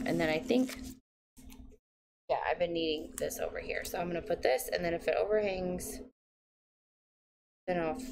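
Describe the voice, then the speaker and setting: A woman in her thirties from the United States with a low, gravelly voice chats her way through decorating a planner, half talking to herself with a dry, sarcastic edge. A steady hiss of noise sits under the recording. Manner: chatty, self-talking, mildly sarcastic. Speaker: planner vlogger. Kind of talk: casual plan-with-me narration. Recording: noisy home recording.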